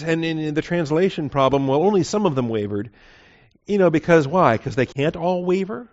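A man's voice: on the high side, expressive, moderate pace. A man teaching verse by verse through a Bible passage, conversational and digressive, correcting himself as he goes. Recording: dull lo-fi recording.

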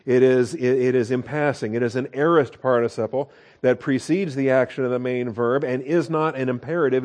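A man's voice: mid-range voice, fairly quick, hardly any pauses, darkish tone. A man preaching an expository sermon, explaining grammar step by step, repeating key points and often checking in with the congregation. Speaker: pastor teaching scripture.

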